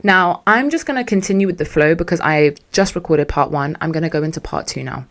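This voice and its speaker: A young woman hosting a podcast, telling a story in a sassy, animated way and acting out what others said. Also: sits low, fairly quick. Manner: animated, sassy, acts out quotes in other voices. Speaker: podcast host. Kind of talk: casual storytelling monologue.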